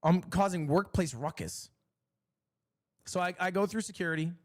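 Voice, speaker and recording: A man streaming, telling a story in a casual, animated and exasperated way. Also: high voice, moderate pace.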